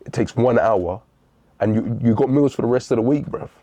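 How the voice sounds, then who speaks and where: A man's voice: mid-range voice, a little fast, dark tone. A young man giving a blunt, repetitive motivational talk, calling the listener bro. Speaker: fitness motivational speaker.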